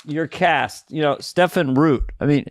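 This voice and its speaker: A man's voice: fairly high pitch, unhurried, dry recording. A man in his sixties co-hosting a podcast, heaping praise on the guest and sometimes putting on voices. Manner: enthusiastic praise, slips into gruff put-on voices. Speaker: podcast co-host. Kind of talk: casual podcast chat.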